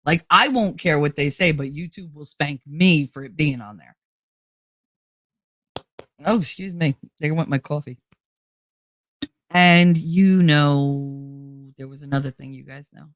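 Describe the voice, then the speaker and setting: Hosting her own YouTube channel, a middle-aged woman talks to viewers in a rambling, joking way with frequent laughter. Her voice is low-pitched and a bit bright, a little slow with frequent pauses, recorded without echo.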